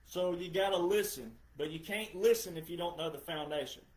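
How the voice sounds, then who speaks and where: A man's voice: sits high, fairly quick, a little mellow. A middle-aged man hosting a podcast, giving an emphatic, lecturing political monologue and repeating phrases for effect. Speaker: podcast host. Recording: roomy echo.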